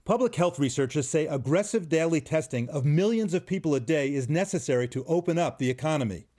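Calm male medical correspondent. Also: a little high, brisk. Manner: calm, explanatory. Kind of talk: news report narration.

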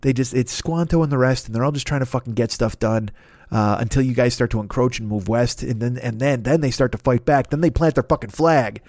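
Brief: man, 50s, host doing a profane, rambling comic rant, rapid, dry mic. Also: mid-range voice, a little mellow, dry recording. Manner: profane, rambling, self-interrupting. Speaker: podcast host. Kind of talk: comedic rant monologue.

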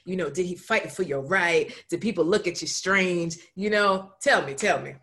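A woman's voice: on the low side, normal speed, a bit bright. A woman dating-coach host interviewing a guest on a podcast, asking probing, encouraging questions.

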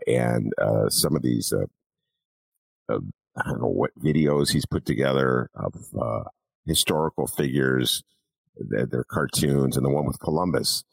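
A man's voice: extremely low pitch, creaky, dry recording. A man hosting a political talk podcast, rambling with many fillers and mock voices. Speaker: podcast host.

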